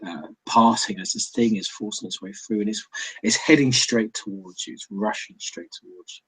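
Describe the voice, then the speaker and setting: A man running a tabletop role-playing game, narrating scenes haltingly with many restarts. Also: on the low side, expressive, a bit bright, breathy edge, low-quality recording. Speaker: game master.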